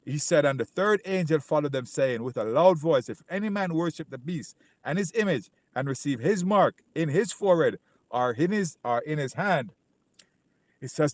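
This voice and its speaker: A man giving an informal Bible teaching. He talks emphatically, keeps asking "right?", repeats himself, and reads scripture slowly and loudly. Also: on the high side, lively intonation, no room sound. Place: Canada.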